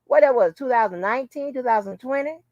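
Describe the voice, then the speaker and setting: A woman's voice: high-pitched, fast, a little mellow, no room sound, dull audio. Blunt, profane woman chatting on a live stream. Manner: greets viewers by name, blunt and profane. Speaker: channel host. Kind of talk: casual live-stream chat.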